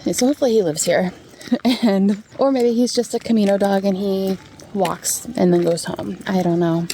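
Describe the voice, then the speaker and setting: Her mid-range voice is dark and steady, at a moderate pace, with some background noise. Walking a long-distance trail outdoors, this woman vlogs casually into a handheld camera, speaking candidly and laughing a lot.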